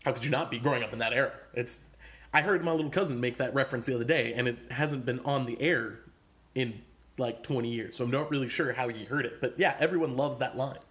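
A man co-hosting a comedy podcast, chatting casually with his brother in a deadpan, joking way. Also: mid-range voice, fast. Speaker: podcast co-host.

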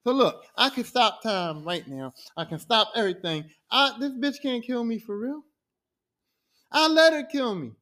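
A man's voice: extremely high pitch, lively intonation, normal speed, bright, forceful tone, exaggerated voice. A man voicing a smug, all-powerful male ruler of time who scolds and taunts with profanity. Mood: taunting.

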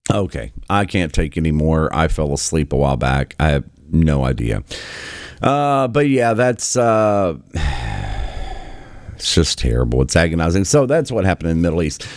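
Sarcastic low-voiced male commentator. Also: big pitch swings, moderate pace, darkish tone, no echo, studio quality. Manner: sarcastic, exasperated, mocking. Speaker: political commentary host. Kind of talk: casual commentary over clips.

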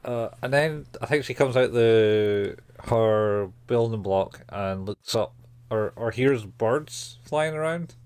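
A man in casual chat, animatedly retelling scenes and slipping into quick character voices. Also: mid-range voice, a little mellow, clean tone. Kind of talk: casual chat recapping a show.

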